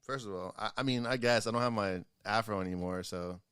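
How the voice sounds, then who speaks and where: Easygoing low-voiced podcast man. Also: a bit bright, smooth, no echo, clean studio sound. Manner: easygoing, quick to laugh. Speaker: podcast co-host. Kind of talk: casual chat.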